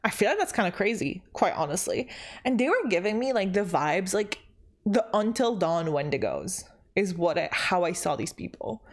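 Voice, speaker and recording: Chatty young woman rambling through a book recap. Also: medium pitch. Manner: chatty, rambling, laughs often; profane, playful retelling. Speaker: booktuber. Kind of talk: casual reading recap vlog.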